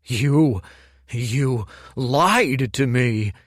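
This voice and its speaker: A man voicing an enraged, grieving young brute who growls and shouts with a cracking voice. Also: medium pitch, big pitch swings, slow pace, dry recording, clean studio sound, voice pushed up. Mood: furious.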